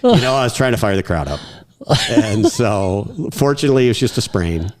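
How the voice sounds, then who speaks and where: A man in a podcast interview, telling animated anecdotes with laughs and quoted voices. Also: lowish voice, fairly quick. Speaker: podcast guest. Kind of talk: casual storytelling.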